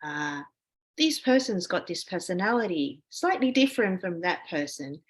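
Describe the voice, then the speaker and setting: A woman's voice: on the low side, very animated, normal speed, slightly rough. Woman professor giving thoughtful advice. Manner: reflective, advisory, frequent "you know". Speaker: physics professor, podcast guest. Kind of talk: conversational interview answers.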